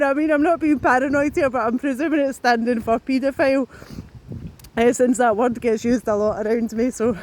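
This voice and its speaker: A woman's voice: high-pitched, a little mellow, slight background noise. Breathless woman walking and ranting to her phone, rambly, sweary, lots of restarts. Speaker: vlogger. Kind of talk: casual talk to camera.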